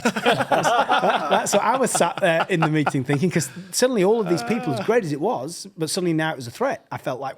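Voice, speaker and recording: A middle-aged English man telling a story casually, animated, laughing often and acting out the voices he quotes. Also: high voice, fairly quick, few pauses, slightly rough. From England. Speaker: podcast guest, pastor.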